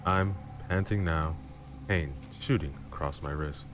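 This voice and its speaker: A man reading a dramatic story aloud in a low, slow, intimate manner. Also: background noise. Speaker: storyteller streamer. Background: background music and rain.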